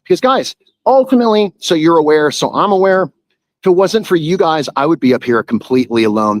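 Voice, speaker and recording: A man's voice: a little high, rough recording. A man hosting a live stream, chatting casually in a rambling, playful and earnest way. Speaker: livestream host.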